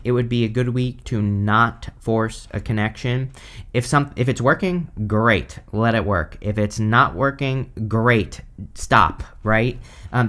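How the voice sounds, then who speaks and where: A man giving a casual weekly tarot reading, talking loosely with lots of "uh" and "right?" asides. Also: mid-range voice. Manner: conversational, frequent "uh" and "right?" tags. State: has the hiccups. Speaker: tarot reader.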